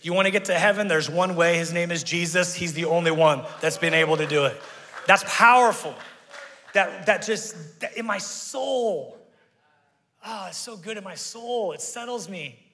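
A man preaching a sermon as pastor, conversational and energetic, leading the congregation in call-and-response. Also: sits high, normal speed. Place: church sanctuary. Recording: reverberant church hall.

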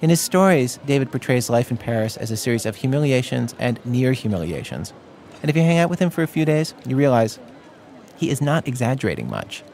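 A man with an American accent hosting a radio program in a measured, wry, conversational way. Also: medium pitch, big pitch swings, a little mellow, slight background noise. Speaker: radio host. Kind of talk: scripted radio narration.

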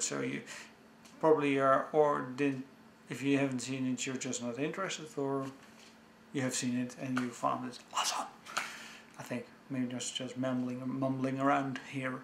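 A man chatting casually about films he owns, talking with enthusiasm in a halting way full of restarts. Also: mid-range voice, creaky, bright, forceful tone, slight background noise. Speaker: movie vlogger. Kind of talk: casual home-video review. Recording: echoey room.

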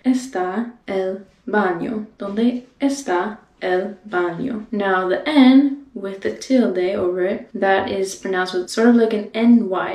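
A woman giving a casual beginner language lesson, patiently repeating phrases slowly and laughing lightly now and then. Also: medium pitch, darkish tone. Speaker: language teacher. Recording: roomy echo.

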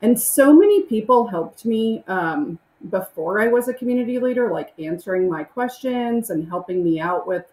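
A woman's voice: normal speed, hardly any pauses. Chatty woman guest, roomy sound. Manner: animated, acts out excited greetings in a high voice. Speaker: interview guest. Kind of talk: casual interview chat.

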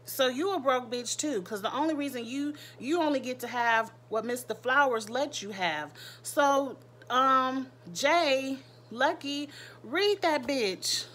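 A woman's voice: sits high, a little slow, fairly bright tone, a little hiss or hum. A woman giving a casual, candid recap of a reality show, speaking in with crude slang and laughing asides.

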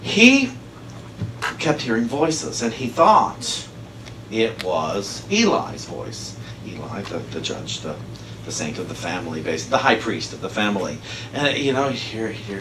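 Minister preaching in an echoey hall. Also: male voice, medium pitch, normal speed. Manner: conversational, laughing often, animated storytelling. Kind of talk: casual sermon. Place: church sanctuary. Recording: echoey hall, far from mic, noisy.

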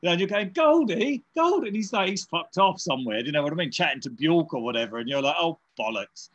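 With the highs cut off, the recording catches a very fast, fairly bright voice on the high side. He's a man in his fifties, an electronic musician being interviewed, and in this casual chat he rambles through stories with many fillers and restarts, laughing along the way.

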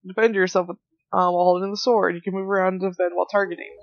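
A woman's voice: fairly low pitch, little pitch movement, racing. Giggly woman chatting over a game. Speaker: let's play co-host. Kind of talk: casual gameplay commentary. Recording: dull lo-fi recording. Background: faint game music.

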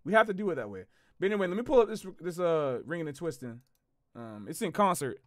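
Man, high pitched, casual livestream host, slangy, repeats himself for emphasis, dry close sound. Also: big pitch swings, quick pace, dry recording. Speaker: jazz musician hosting a livestream.

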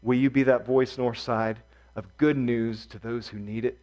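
A male pastor giving an earnest sermon, repeating key phrases and swinging from hushed, soft passages to loud emphatic ones. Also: medium pitch, fairly even intonation, moderate pace.

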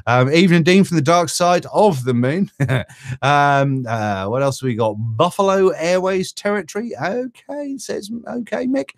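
A man's voice: fairly high pitch, animated, measured pace, gravelly, no echo, clean studio sound. A man from Britain hosting a casual live stream, reading out viewer greetings with a chatty, jokey manner.

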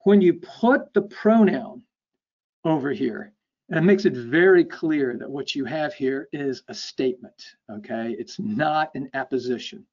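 A man at a middle pitch delivers a patient academic lecture. He walks through each point and checks in with his listeners, and his voice fades at the ends of phrases. The recording sounds dull and lo-fi. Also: lively intonation, a little slow, a little mellow. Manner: explanatory, checks in with frequent "okay?".

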